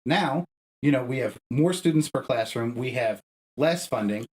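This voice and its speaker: A fired-up young man on a podcast, swearing freely and pressing his argument hard. His voice sits at a middling pitch for a man but jumps sharply upward when he gets worked up. It sounds like a loose, casual conversation between friends. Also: lively intonation, moderate pace, darkish tone, low-quality recording. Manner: profane, emphatic, arguing with rising pitch. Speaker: podcast co-host. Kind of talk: heated casual podcast rant.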